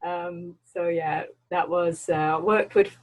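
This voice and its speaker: A woman's voice: lowish voice, fairly even intonation, slow, rough recording. A woman from the Netherlands with a Dutch accent tinged by Birmingham speech, chatting casually as a guest, laughing often and hesitating with fillers. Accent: Dutch with Birmingham (Brummie) tinge. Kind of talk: casual chat.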